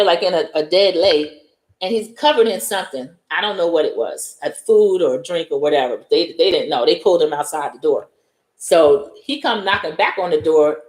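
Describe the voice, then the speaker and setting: A woman with a New York accent retelling a movie scene by scene in casual chat, acting out the characters' lines as she goes. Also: fairly low pitch. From United States. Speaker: host. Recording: echoey room.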